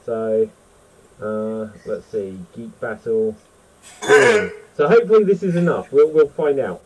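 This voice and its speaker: A man hosting a casual panel chat, excitable and chatty. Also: mid-range voice, a little slow, background noise. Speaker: host.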